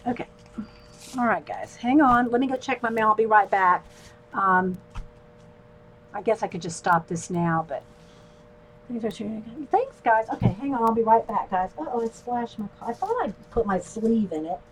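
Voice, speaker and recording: A woman's voice: on the high side, expressive, moderate pace, a little hiss or hum, rough recording. A woman hosting a casual craft video, chatting directly to her viewers. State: out of breath. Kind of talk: casual live-stream chat.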